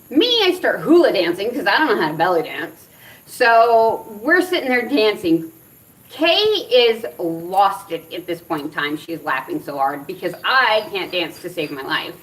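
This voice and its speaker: Middle-aged woman from Arizona, animated casual vlogger; higher pitch, slightly distant mic. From Arizona, USA. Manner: animated, laughs often while telling stories. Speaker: cannabis review vlogger. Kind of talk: casual storytelling and product review.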